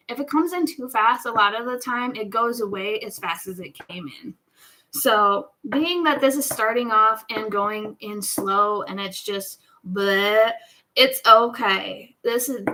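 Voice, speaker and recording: Against a noisy background, a woman with a slightly high voice gives a live tarot reading. She's casual and chatty, rambling along, laughing a lot and often restarting her sentences.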